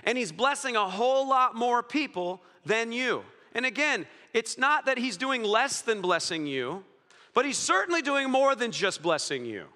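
A man preaching a sermon in a lively, joking storytelling manner, speaking in a church hall. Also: very high-pitched, moderate pace. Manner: lively storytelling, jokey, chuckles. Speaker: pastor. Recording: long hall reverb.

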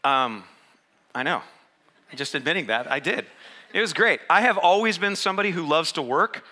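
Middle-aged guy preaching, high bright voice, jumps all over the place, jokey storyteller doing voices. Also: moderate pace. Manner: animated, joking storyteller acting out voices. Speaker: pastor. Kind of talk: sermon.

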